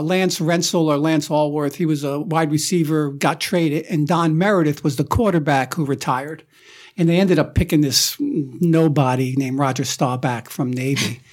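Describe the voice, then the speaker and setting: A man telling a childhood story in a casual chat as a guest, acting out the voices of his relatives as he goes. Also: on the high side.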